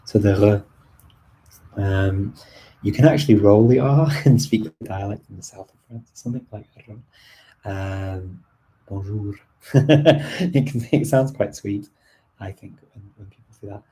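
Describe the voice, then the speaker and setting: A man's voice: fairly low pitch, measured pace, warm tone, slightly rough, poor audio. A man hosting a live stream, answering viewer questions in a casual, chatty way with frequent ums and restarts. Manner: chatty, many ums and restarts, light laughs.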